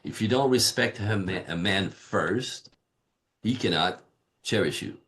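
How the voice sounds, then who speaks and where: A man's voice: on the low side, a little slow. A man on a podcast as a relationship coach, talking emphatically and often checking in with "right?". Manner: emphatic, animated, keeps saying "right?"; acts out quoted voices of clients. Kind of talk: podcast interview.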